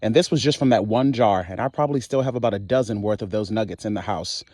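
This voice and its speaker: A man's voice: on the low side, fast. Sassy man hosting a home cooking video. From Maryland. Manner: sassy and animated, calls viewers honey and child, casual swearing. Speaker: cooking channel host. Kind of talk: casual cooking tutorial.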